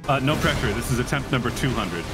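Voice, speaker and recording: A man's voice: medium pitch, animated, fast talker, music in the background. A man bantering with a streamer during a game stream, sarcastic and teasing and swearing a lot. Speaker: streamer's co-host friend. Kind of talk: casual gaming stream banter.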